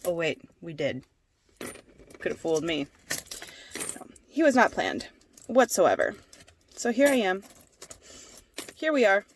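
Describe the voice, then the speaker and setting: A woman's voice: lowish voice, sing-song, a little slow, long pauses, a little hiss or hum. A woman in her twenties, chatty and self-mocking, telling a casual story about her own life for a vlog. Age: 20s. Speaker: vlogger.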